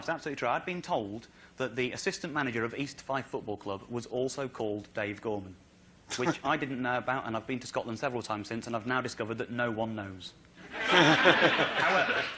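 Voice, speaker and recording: An English man tells a long comic story to a studio audience in an animated, rambling way, with comic exasperation. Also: mid-range voice, fairly quick, background noise. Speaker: comedian.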